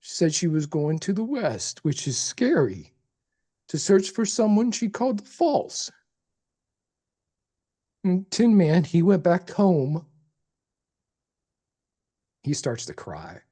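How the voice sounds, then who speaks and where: Relaxed male game master, dark tone. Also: high-pitched. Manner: relaxed, halting narration with restarts. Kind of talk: narrating a tabletop game.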